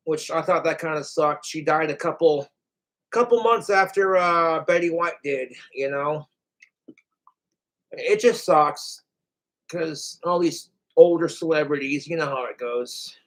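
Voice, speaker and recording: A man's voice: fairly high pitch, unhurried, a bit bright. A man talking in a rambling casual vlog to his camera, cursing often and groaning between thoughts. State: in pain from a hurt toe. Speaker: vlogger.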